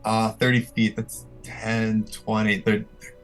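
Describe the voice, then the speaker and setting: A man's voice: on the low side, completely flat delivery, slow pace, faint music behind. A man narrating as game master in a tabletop game, loose and full of fillers.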